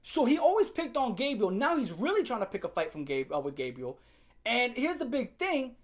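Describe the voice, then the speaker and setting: Profane, animated storytelling man. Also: very high-pitched, a little fast. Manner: profane, animated, laughs while telling. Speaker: vlogger telling a story. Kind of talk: casual storytime rant.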